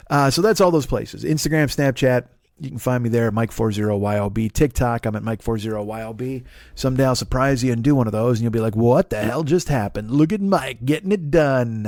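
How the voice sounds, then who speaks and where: Comedic host, man in his 40s, foul-mouthed ranter, mid-pitched, dry booth sound. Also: a little mellow, no room sound. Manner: swearing, ranting, mocking voices. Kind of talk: profane comedic rant.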